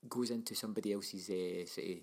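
A man's voice: fairly low pitch, fairly even intonation, fast, darkish tone. A man, co-hosting a casual film review chat and rambling through his memories with plenty of ums. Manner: rambling, lots of ums and likes. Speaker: podcast co-host.

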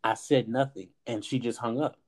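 A man hosting a podcast, telling a personal story in casual chat with animated delivery, acting out quoted dialogue and swearing now and then. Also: medium pitch, moderate pace. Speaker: podcast host.

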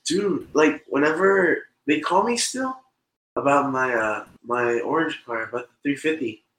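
A man's voice: medium pitch, expressive, unhurried, fairly bright tone, reverberant, rough recording. A young man telling a loose, swearing story in casual chat with friends. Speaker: podcast co-host.

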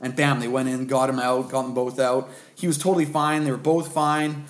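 A man in his thirties telling a story casually, acting out the dialogue with lively laughs. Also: medium pitch, a little fast, roomy sound. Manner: animated, acts out dialogue, self-deprecating laughs. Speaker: guest telling a birth story.

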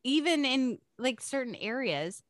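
A woman's voice: high voice, sing-song, a little slow, no room sound. A young woman with a Californian accent chatting casually, telling stories, laughing a lot and saying dude and like often. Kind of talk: casual chat.

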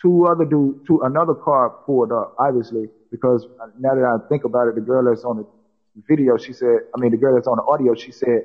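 A man's voice: mid-range voice, brisk, breathy edge, phone-quality sound. A man telling a personal story in casual talk, repeating himself and acting out what people said. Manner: repetitive, acts out quoted dialogue.

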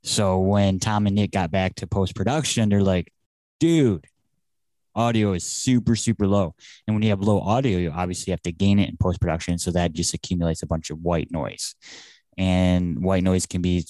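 A young man with a deep, low voice co-hosting a podcast. He talks in a loose, hesitant way full of fillers and restarts. The sound is dry and close, with no room echo. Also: moderate pace. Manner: relaxed, hesitant with many fillers. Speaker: podcast co-host. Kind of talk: casual podcast chat.

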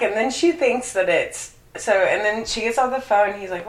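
A woman's voice: mid-range voice, normal speed, few pauses. A young woman telling a story in casual chat, swearing and laughing often. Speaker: co-host. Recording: echoey room.

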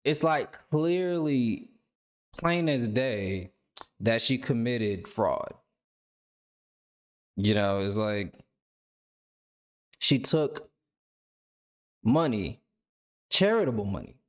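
A man's voice: medium pitch, big pitch swings, very slow, long pauses. A man hosting a reaction video, talking loosely and rambling with lots of filler words. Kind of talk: casual reaction commentary.

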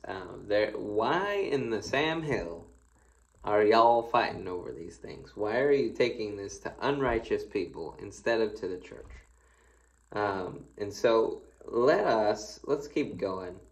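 A man's voice: on the low side, animated, slow pace, gravelly, poor audio. A man, a pastor, giving a casual devotional, reading scripture aloud and then commenting in a folksy, playful, conversational way. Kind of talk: casual devotional Bible teaching.

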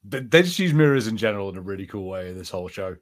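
A man's voice: on the low side, expressive, very fast, no echo, studio quality. A young man with a Northern English accent, co-hosting a podcast in casual chat, full of fillers and restarts. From Northern England. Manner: chatty, lots of fillers and restarts. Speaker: podcast co-host.

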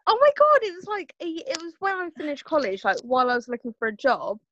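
A woman in her twenties co-hosts a podcast, laughing often as she chats. Her voice is fairly high and swoops up and down lively, recorded close and dry. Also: quick pace, no room sound, lo-fi sound. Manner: animated, laughing banter. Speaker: podcast co-host. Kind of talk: casual chat.

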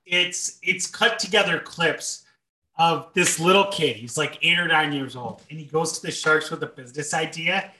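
Young guy cohost, dry sarcastic humor, bit high pitched, lots of ums. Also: moderate pace, bright, forceful tone. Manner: dry sarcastic jokes, fillers like um and uh. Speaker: podcast co-host. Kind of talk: casual sports and movie chat.

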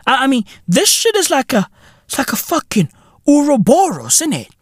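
A man's voice: very high voice, wildly swooping pitch, moderate pace, no room sound, clean studio sound. A man from Africa, hosting a solo podcast and ranting with profanity, sarcasm and exasperation. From South Africa. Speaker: podcast host. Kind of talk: solo podcast commentary rant.

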